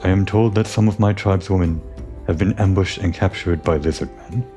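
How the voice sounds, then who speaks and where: A man's voice: low voice, brisk, dark tone, soft background music, close to an everyday voice. A man reading out the lines of a proud, distrustful female tribal chieftain from a game, in a formal, solemn manner. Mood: grave. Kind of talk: reading game dialogue aloud.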